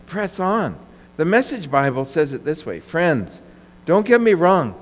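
A man preaching a sermon as pastor, emphatic, repeating his phrases and asking the congregation questions. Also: fairly high pitch. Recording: long hall reverb.

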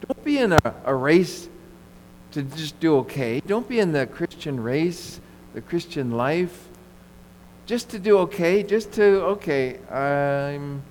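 Male pastor, sermon delivery, somewhat high and lively pitch, emphatic with repetition, long hall reverb. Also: slight background noise. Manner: emphatic, repeats phrases and asks the congregation questions.

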